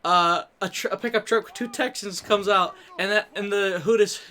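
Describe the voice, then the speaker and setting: A man's voice: high voice, moderate pace, bright, forceful tone. A man rambling through crude wrestling anecdotes during casual gaming banter, often laughing. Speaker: gaming streamer.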